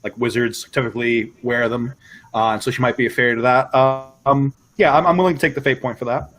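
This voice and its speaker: A man playing a tabletop game, explaining his character's actions in a halting way with frequent restarts. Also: medium pitch, fairly even intonation, a bit bright, faint music behind, low-quality recording. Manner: halting, many restarts and repeats. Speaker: player. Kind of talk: casual tabletop play.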